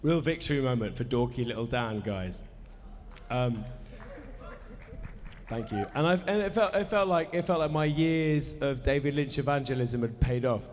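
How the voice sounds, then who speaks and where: A man's voice: medium pitch, animated, normal speed, a little mellow. A man in his thirties telling a rambling, self-deprecating, sweary story to a live cinema audience, nervous with a dry mouth. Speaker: musician introducing a film screening. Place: cinema hall at a festival. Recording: live hall reverb, faint crowd ambience.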